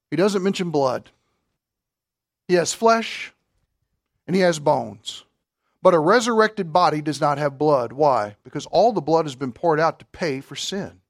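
A male pastor preaching a sermon, animated and joking with his congregation as he reads scripture. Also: high-pitched, no room sound, clean studio sound.

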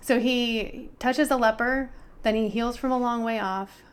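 A woman's voice: on the high side, steady tone, unhurried, clean tone. A woman co-hosting a casual bible study discussion, chatty and thinking aloud.

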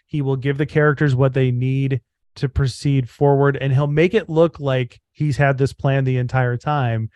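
An earnest man with a mid-range voice co-hosts a podcast and speaks reflectively. He fills his pauses with "um" and "like". The recording is close and dry. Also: medium pitch, fairly even intonation, a little mellow, dry recording. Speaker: podcast co-host. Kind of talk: casual podcast chat.

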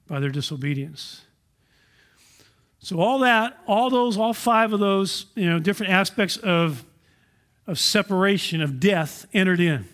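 A man delivers a sermon with a fairly high-pitched voice. He preaches earnestly and keeps asking the congregation rhetorical questions. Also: a bit bright. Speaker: pastor.

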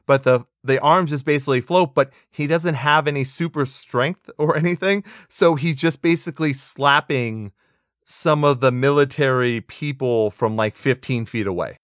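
A man's voice: mid-range voice, moderate pace, a bit bright, dry recording, clean studio sound. A man co-hosting a casual movie review podcast, opinionated and sarcastic, laughing often as he talks. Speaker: podcast co-host.

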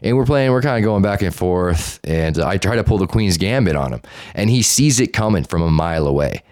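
A young man hosting a podcast, telling a casual, profane story and acting out the quotes loudly. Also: deep voice, expressive, fairly quick, no echo, studio quality. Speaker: podcast host.

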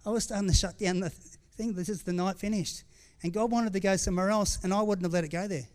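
High-voiced, candid pastor. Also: male voice, fairly even intonation, fast, hardly any pauses, darkish tone. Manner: candid, conversational, with frequent restarts and asides. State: tearful at times. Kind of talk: sermon.

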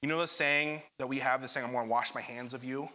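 A man's voice: mid-range voice, fairly even intonation, fast, bright, forceful tone. A young adult man preaching a sermon, addressing the congregation directly and retelling scripture with dramatic energy. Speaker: pastor.

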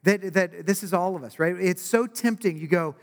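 A man's voice: high voice, moderate pace. Man preaching a chatty sermon in a hall. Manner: conversational, with frequent "right?" asides and acted-out quotes. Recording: long reverb of a large hall.

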